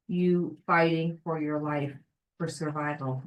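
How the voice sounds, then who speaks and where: A woman's voice: lowish voice, measured pace, highs cut off. Encouraging woman coach on a video call. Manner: encouraging, addresses listeners by name. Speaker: life coach. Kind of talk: live coaching call, reading a book aloud.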